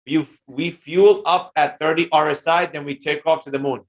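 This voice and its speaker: An energetic man with a fairly high voice runs a live trading lesson and answers chat questions as they come in. He talks in a slangy, hyped-up way and shouts out viewers by name. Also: normal speed. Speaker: trading teacher hosting a live stream. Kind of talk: live-stream Q&A reading chat comments.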